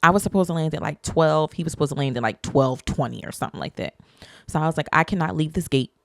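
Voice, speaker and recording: A woman's voice: no room sound, clean studio sound. A woman podcast host telling a personal story in casual chat, acting out the people she quotes with sudden jumps in her voice. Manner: animated, acts out quoted people with pitch jumps.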